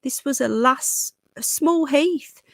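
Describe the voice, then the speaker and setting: Chatty woman with a soft Brummie accent. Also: sits high, slow, gravelly, no echo, clean studio sound. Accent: toned-down Birmingham with a bit of Yorkshire. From Birmingham, England. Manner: chatty, rambling, reads out viewer comments. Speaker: livestream host. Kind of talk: casual live-stream chat reading comments.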